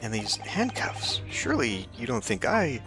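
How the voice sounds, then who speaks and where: A flustered young male law student, read by a man. He sounds panicked and confused, his voice jumping in pitch over game music. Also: wildly swooping pitch, a little slow.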